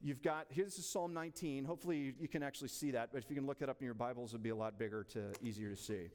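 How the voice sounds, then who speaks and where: A man's voice: medium pitch, very fast, a little mellow. A man teaching a church Bible class in a casual, chatty way, asking the room questions. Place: church hall. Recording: long reverb in a church hall.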